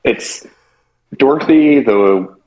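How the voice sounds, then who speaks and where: A man's voice: medium pitch, expressive, takes it slowly, dark tone, low-quality recording. A man co-hosting a casual podcast chat, talking in a wry, hesitant way with many fillers. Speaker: podcast co-host.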